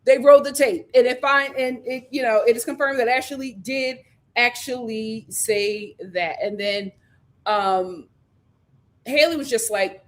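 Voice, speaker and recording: A woman hosting a casual recap vlog, telling the story in a lively way and acting out what people said, with filler ums. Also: on the high side, a little slow. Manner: lively storytelling, acts out quotes. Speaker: host.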